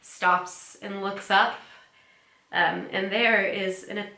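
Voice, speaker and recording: A woman's voice: medium pitch, steady tone, takes it slowly, vocal fry, sharp tone. A woman casually recapping episodes as a podcast co-host, chatty and giggly, often acting out quoted lines. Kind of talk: casual chat. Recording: echoey room.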